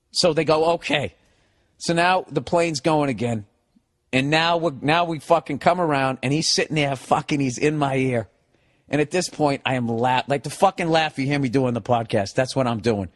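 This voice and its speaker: A man tells a story in a podcast rant, with a voice a little higher than most men's. He swears constantly, acts out the other people's lines and breaks into laughs along the way. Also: moderate pace, fairly bright tone. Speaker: comedian on his podcast. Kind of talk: profane comedic storytelling rant.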